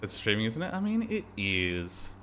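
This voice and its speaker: Bright-voiced rambling Australian man. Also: fairly low pitch, wildly swooping pitch, normal speed, a little hiss or hum. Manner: rambling, heavy swearing, talks to himself while playing. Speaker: game streamer. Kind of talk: casual gaming commentary.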